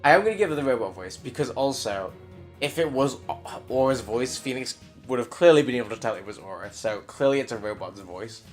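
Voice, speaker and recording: A man's voice: medium pitch, lively intonation, brisk, faint music behind. A man playing through a story game, commenting casually and deciding which voices to use. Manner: thinking aloud, chatty asides. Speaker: let's play gamer.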